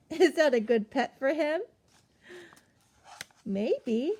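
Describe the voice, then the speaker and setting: A woman's voice: high-pitched, animated, takes it slowly, a little mellow. A young woman reading a picture book aloud to children, asking them questions and gasping as she goes. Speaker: storyteller.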